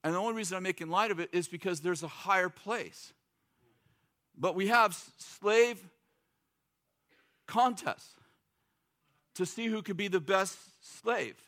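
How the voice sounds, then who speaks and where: A man's voice: high voice, measured pace, long pauses, pushed and bright. A middle-aged man preaching a sermon in a loose, joking, conversational way, acting out quotes. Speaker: pastor.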